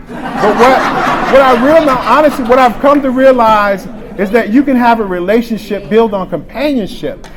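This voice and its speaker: A man's voice: high-pitched, background noise. A man in his forties giving a frank, emotional personal testimony at a recovery convention, often restarting his sentences. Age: 40s. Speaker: speaker sharing recovery story at a convention. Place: convention meeting room.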